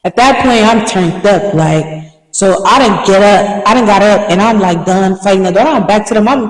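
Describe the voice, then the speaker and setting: A young woman tells a casual story with animated, slangy energy, like a podcast host catching up with listeners. Her medium-pitched voice moves at a moderate pace, sitting a little off the mic in a roomy space with long, ringing reverb.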